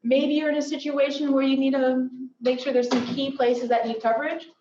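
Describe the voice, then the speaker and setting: A woman's voice: high-pitched, little pitch movement, a little fast, warm tone, a little hiss or hum. A woman giving an upbeat conference presentation with joking asides. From Silicon Valley. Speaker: workshop presenter. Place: lecture hall. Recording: echoey hall from far off, dull.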